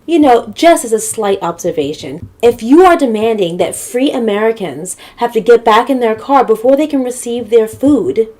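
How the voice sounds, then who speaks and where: A woman telling a comedic story as an animated, exasperated rant, swearing often. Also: a little high.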